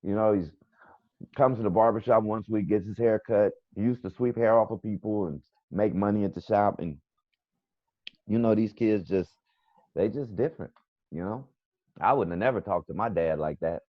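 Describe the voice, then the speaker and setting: Middle-aged New York comedian, very deep voice, loose storyteller, dull lo-fi call audio. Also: male voice, moderate pace, no echo. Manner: rambling, storytelling with quoted back-and-forth. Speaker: comedian and barber guest. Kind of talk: casual video-call chat. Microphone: video call.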